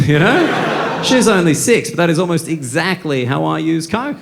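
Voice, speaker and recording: A man with an Australian accent performing a stand-up set, telling crude stories with deadpan asides on a club stage. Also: on the high side, moderate pace, vocal fry, a crowd in the background. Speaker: stand-up comedian. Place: comedy club stage with audience. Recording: live club recording, noisy with laughter.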